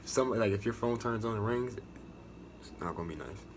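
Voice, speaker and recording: A man's voice: lowish voice, brisk, a little hiss or hum. Profane, rambling young American man. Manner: profane, rambling, restarts a lot. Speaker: navy recruit sharing experience. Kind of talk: casual storytelling vlog.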